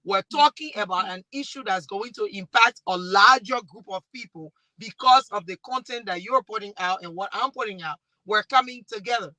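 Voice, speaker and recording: A woman with a Liberian accent, speaking on a discussion panel and telling stories in a lively way with many restarts. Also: mid-range voice, moderate pace, hardly any pauses, dry recording, rough recording. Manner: animated storytelling with restarts. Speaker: talk show host and panelist.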